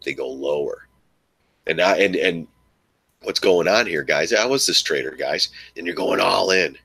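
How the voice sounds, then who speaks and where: Deep-voiced guy chatting on a trading live stream, bright forceful tone, stumbles and repeats himself a lot. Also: no echo. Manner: rambling, repeats words, fillers and restarts; mocks frustrated traders in a shrill yelling voice. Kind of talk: casual live-stream chat.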